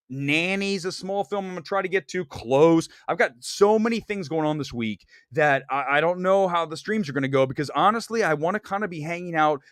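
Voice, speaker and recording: A loud, outspoken man hosts a live movie talk stream, joking and ranting. His voice sits high for a man. It is recorded close and dry, with no room sound. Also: dry recording. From Ohio, United States. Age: adult. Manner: loud, outspoken and jokey, slips into mocking voices. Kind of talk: casual live-stream rant.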